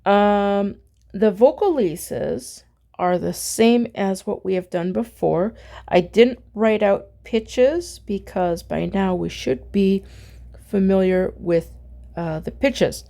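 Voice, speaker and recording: A woman teaching an online music lesson in a relaxed, halting way, stopping now and then to sing solfege syllables. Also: medium pitch, creaky. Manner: relaxed and halting, many ums, sings solfege syllables to demonstrate.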